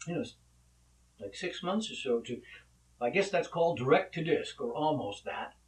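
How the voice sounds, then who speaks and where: Male vlogger, chatty and loose, slightly high voice, echoey distant recording. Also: lively intonation, normal speed, darkish tone. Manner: conversational, rambling with asides. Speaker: vlog host, actor. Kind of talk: casual monologue and joke telling. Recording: echoey room, mic at a distance.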